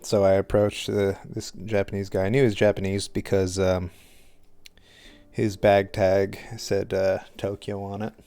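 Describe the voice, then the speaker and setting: A man's voice: sits low, flat delivery, measured pace, dark tone, no room sound. A man telling a rambling story on a live stream while he paints, hesitant and self-conscious, with a dry throat.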